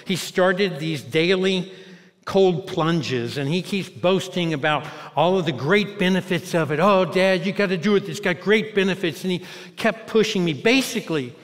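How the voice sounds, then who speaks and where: A man's voice: sits high, in a large hall. A man in his sixties preaching a sermon as a teaching pastor, with self-mocking storytelling that turns earnest, in an American accent. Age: 60s. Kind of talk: humorous sermon. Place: large church auditorium.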